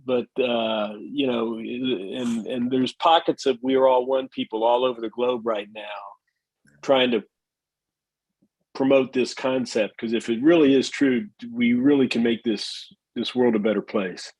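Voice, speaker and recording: Husky, hesitant man in a chat. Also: mid-range voice, fairly even intonation, darkish tone, no echo, low-quality recording. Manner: measured, hesitant, many fillers. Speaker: guest. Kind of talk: casual chat.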